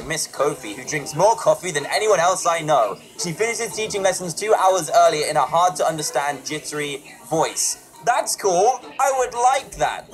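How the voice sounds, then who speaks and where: Playful man with lively pitch over music. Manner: playful, reads game text aloud, jokes to himself. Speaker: gaming video host. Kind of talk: playing a game with commentary. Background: background music.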